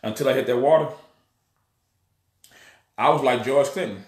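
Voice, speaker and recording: A man telling a personal story in a casual, animated way, often acting out the voices of others. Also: mid-range voice, normal speed, reverberant. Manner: animated storyteller, acts out voices, many restarts. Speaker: online preacher and channel host.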